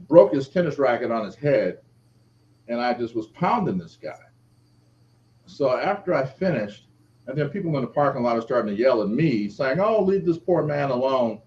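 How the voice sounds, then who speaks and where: A middle-aged man, an author being interviewed, telling a personal story and acting out the quoted voices. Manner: lively, acts out quoted speech with shifting pitch. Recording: dull lo-fi audio with faint background noise.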